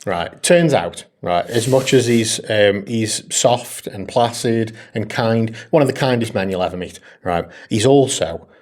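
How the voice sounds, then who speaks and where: A man's voice: lowish voice, unhurried, hardly any pauses. A man co-hosting a casual podcast, telling stories with plenty of swearing and laughter. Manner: animated storyteller, laughs often, swears freely. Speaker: podcast co-host. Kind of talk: casual chat.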